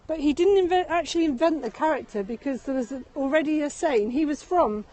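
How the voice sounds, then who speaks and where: A woman's voice: high voice, fairly quick, mellow, poor audio. A woman giving a live-streamed walking tour outdoors. She is chatty and rambling, laughs often, and is a bit out of breath from walking, talking into a phone she carries. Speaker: tour guide. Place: outdoors in a city meadow and gardens.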